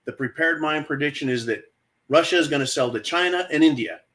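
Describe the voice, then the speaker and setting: A man's voice: on the high side, brisk, a bit bright, low-quality recording. A man hosting his own channel, talking to viewers in an exasperated, emphatic opinion monologue and often calling them folks. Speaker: channel host.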